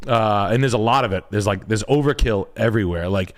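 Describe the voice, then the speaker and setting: A man's voice: fairly low pitch, moderate pace, pauses often. A man hosting a live stream, giving blunt, profane critiques of house listings as a realtor.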